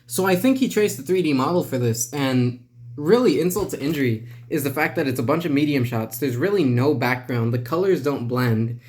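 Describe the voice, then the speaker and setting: A man's voice: medium pitch, animated, normal speed, darkish tone. A man giving casual, rambling commentary on a comic book, wry and self-deprecating, talking straight to his viewers.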